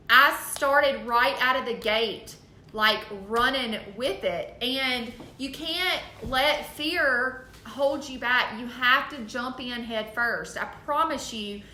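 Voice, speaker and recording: A woman's voice: a little high, bright, forceful tone, slight background noise. A woman giving a casual, earnest motivational talk to her sales team, full of ums and likes. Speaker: direct sales team leader. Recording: echoey room.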